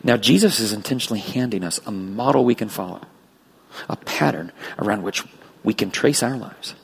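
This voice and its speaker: Animated gravelly male preacher. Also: fairly low pitch, normal speed. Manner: animated preaching with acted voices of children. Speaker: pastor. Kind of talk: sermon.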